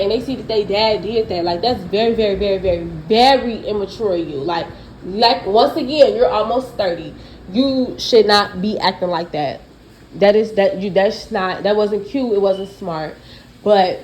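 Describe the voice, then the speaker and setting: A young woman, giving blunt, profane, animated celebrity gossip commentary. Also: mid-range voice, moderate pace, slight background noise, low-quality recording.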